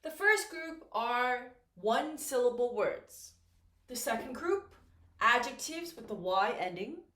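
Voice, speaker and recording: Woman English teacher, slow and patient, a bit high-pitched, echoey room. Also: animated, sharp tone. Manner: patient, stresses and repeats key words, checks with "right?". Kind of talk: slow, clear classroom explanation.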